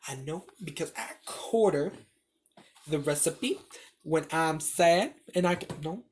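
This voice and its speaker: A woman's voice: low-pitched, expressive, slow pace, darkish tone, a little hiss or hum. A young woman hosting a home cooking video, rambling, joking at her own expense and swearing freely. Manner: rambling, self-mocking and profane. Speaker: home cooking show host. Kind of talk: joking casual cooking vlog. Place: home kitchen. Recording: kitchen clatter of dishes and cutlery.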